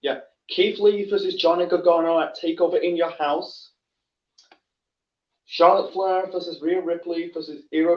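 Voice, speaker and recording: Rambling man, distant in a roomy space. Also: fairly high pitch. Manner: rambling, self-correcting, many fillers. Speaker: host. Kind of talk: casual awards rundown. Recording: roomy, distant, dull lo-fi sound.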